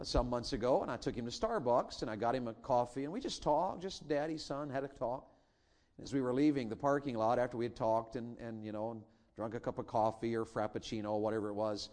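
A middle-aged man preaching a sermon in a church, telling family stories with big swings between loud and hushed. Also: mid-range voice. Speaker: pastor.

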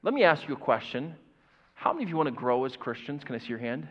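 A man preaching a sermon to a church audience, animated and engaging, asking them questions and putting on the voices of doubters. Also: medium pitch, fast, in a large hall. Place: church sanctuary. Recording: dull, muffled church audio recording.

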